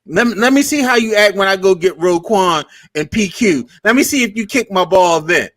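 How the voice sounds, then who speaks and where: A man's voice: high-pitched, animated, normal speed, fairly bright tone. A man, co-hosting a casual sports show and ranting with mocking impressions.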